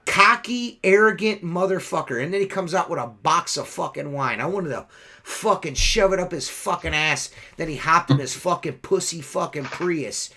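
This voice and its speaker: A man's voice: on the high side, normal speed, pushed and bright. Fired-up, foul-mouthed man. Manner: profane, heated storytelling. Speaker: window cleaner telling a story on a podcast. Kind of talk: casual chat.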